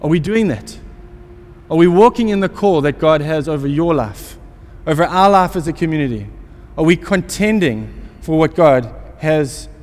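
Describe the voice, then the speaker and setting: A man preaching a sermon in a fairly high voice, mixing self-mocking stories with rhetorical questions. His words carry a long reverb, as if spoken in a large hall. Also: expressive, moderate pace, darkish tone. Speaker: pastor.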